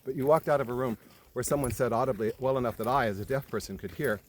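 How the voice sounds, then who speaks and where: A man telling a story in casual conversation, animated, swearing freely and acting out the people in it. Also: medium pitch, slight background noise. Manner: animated retelling, swears freely, quick jumps in loudness.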